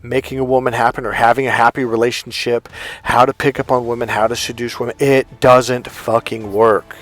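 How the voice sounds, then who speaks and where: A man's voice: medium pitch, flat delivery, fairly quick, fairly bright tone. A man speaking as a dating coach, telling a story to the camera in a blunt, emphatic way and swearing freely.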